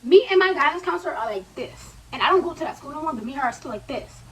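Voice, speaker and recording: A young woman vlogger telling a personal story in a casual, slangy, animated way, with quoted asides. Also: high-pitched, racing, far from the mic, poor audio.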